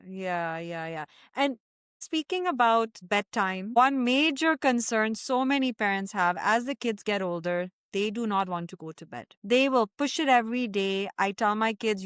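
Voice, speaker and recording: A woman's voice: medium pitch, measured pace, a bit bright, clear, resonant tone, no echo, clean studio sound. A woman hosting a parenting podcast, chatty and casual with many filler words. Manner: chatty, many filler likes, laughs while talking. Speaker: podcast host.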